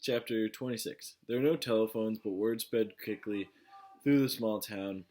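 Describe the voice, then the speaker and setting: A man with a low voice reads a novel aloud in a casual way. He stumbles now and then and goes back over his words. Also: fairly even intonation, moderate pace, a little mellow. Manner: plain, with slips and restarts. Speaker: reader of a novel.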